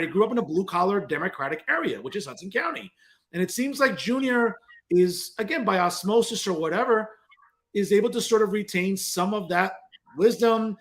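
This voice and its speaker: A man hosting a political talk show, interviewing a guest in an animated, opinionated way. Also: high voice. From New Jersey. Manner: animated, opinionated, fast asides. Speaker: show host.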